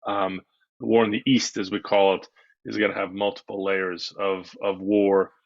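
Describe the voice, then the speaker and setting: Guy giving a history lecture, kinda low voice, lots of ums, dull dry lo-fi sound. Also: flat delivery, creaky, dry recording. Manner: measured, many "um" and "uh" fillers, repeats words. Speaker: history professor. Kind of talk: lecture to a live audience.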